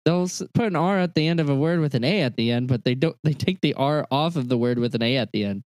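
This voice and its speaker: A man's voice: mid-range voice, fast talker, darkish tone, dry recording. A man co-hosting a podcast, chatting casually and teasing the others with easy laughs. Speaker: podcast co-host. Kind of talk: casual chat.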